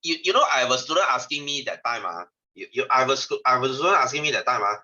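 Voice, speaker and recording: Man, singaporean english accent, very bright forceful voice, lively pitch, teasing science tutor, dull video call audio. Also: fast talker. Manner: chatty, teasing students, sentence-final lah. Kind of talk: online class lesson.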